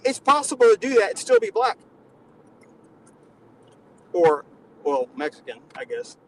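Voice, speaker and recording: Nasal man, high and swooping voice, mock-condescending panel guest, faint noise behind. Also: wildly swooping pitch, unhurried, fairly bright tone, low-quality recording. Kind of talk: casual comedic panel chat.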